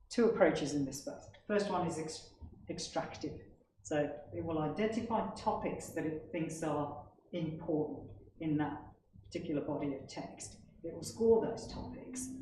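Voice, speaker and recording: A man's voice: a little high, warm tone. A man giving a technical conference presentation in an explanatory way, often checking in with the audience. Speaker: conference speaker. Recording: echoey hall, distant mic, background noise.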